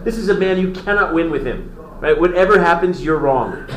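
Echoey man teaching a lively story-class. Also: high-pitched, brisk. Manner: conversational, quizzes listeners. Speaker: Torah teacher.

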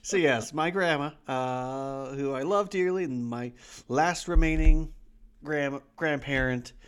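A man's voice: fairly high pitch, slow, a bit bright, smooth. A man co-hosting a casual rewatch podcast, rambling and laughing as he retells scenes. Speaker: podcast co-host.

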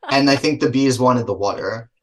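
A man's voice: mid-range voice, normal speed. Rambling man with a Jersey accent. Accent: New Jersey. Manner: rambling, self-correcting, laughs between thoughts. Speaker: filmmaker guest. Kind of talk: casual interview answers.

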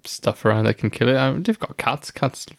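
A British man co-hosting a casual podcast, curious and quick with questions. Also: mid-range voice, animated, creaky, no room sound, clean studio sound. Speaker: podcast co-host. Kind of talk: casual chat.

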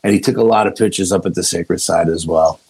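A man, a podcast guest, telling a story in a casual, laid-back, unhurried way. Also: sits low, darkish tone, slightly rough, low-quality recording.

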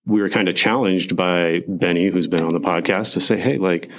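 A man's voice: deep voice, brisk. A man co-hosting a casual faith podcast, telling stories animatedly and acting out what others said. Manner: animated storytelling, acts out quotes.

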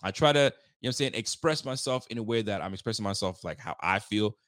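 A man's voice: on the low side, animated, fast talker, fairly bright tone, no echo, clean studio sound. A man hosting a fan show live after the game, reading viewer chats in a casual, heated, slangy way. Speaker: sports fan show host. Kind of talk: postgame livestream reaction, reading viewer chats.

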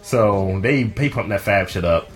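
A man's voice: lowish voice, unhurried. A young man co-hosting a podcast, telling gossip in a loose, profane, storytelling way. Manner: animated, profane storytelling, retelling gossip with quoted voices. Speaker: podcast co-host. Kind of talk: casual podcast chat.

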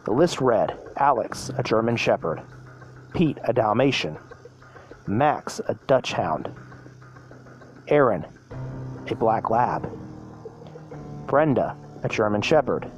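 A man narrating a children's story aloud, reading with frequent restarts and self-corrections. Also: medium pitch. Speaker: storyteller, podcast host.

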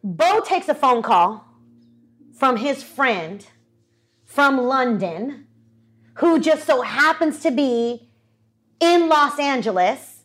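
A woman's voice: high-pitched, slow, pauses often. A woman co-hosting a podcast, telling a story in casual chat and acting out the voices of the people in it. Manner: animated, acts out quoted voices. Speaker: podcast co-host. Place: studio with audience.

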